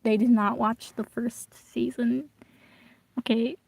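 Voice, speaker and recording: A woman's voice: fairly high pitch, level tone, slow pace, creaky, husky, no room sound. A young woman casually reading a fan story aloud, often breaking off to make slangy, chatty comments. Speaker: reader.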